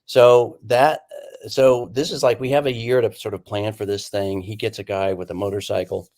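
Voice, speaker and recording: A painter appearing as a guest tells an anecdote in a relaxed storytelling chat, animatedly acting out people's lines. He has a lowish voice and talks at normal speed.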